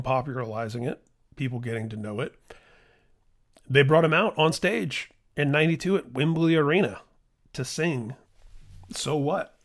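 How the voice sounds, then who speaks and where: A middle-aged man hosting a podcast, telling a story in a casual, enthusiastic way with restarts and laughter. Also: medium pitch. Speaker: podcast host.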